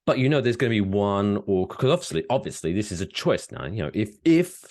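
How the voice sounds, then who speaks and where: A man co-hosting a podcast in a casual, jokey chat, playful and quick to slip into silly voices. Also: on the low side, big pitch swings, a little mellow. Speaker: podcast co-host.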